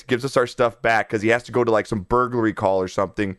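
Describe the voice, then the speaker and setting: A young man in his twenties hosting a podcast, telling a story in an animated, profane, laughing way. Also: mid-range voice, quick pace, hardly any pauses, no echo, studio quality. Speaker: podcast host. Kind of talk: casual storytelling.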